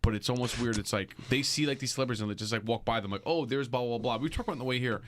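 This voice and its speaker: A man co-hosting a casual podcast chat, telling stories with lively acted-out quotes and frequent swearing. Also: medium pitch, rapid-fire. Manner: animated storyteller, acts out quotes, swears. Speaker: podcast co-host.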